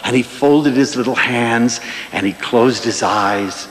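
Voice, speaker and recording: A man giving a humorous public lecture, telling stories in an animated, playful way. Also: medium pitch, measured pace, slight background noise. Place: large lecture hall before an audience. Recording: echoey lecture hall.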